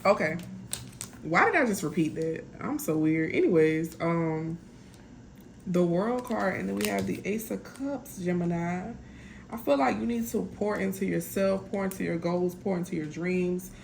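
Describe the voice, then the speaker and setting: A woman's voice: fairly low pitch, normal speed, gravelly, a little hiss or hum. A woman doing a casual tarot reading, chatty and blunt, talking straight to her viewers. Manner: chatty, blunt, lots of "y'all" and "like". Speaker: tarot reader.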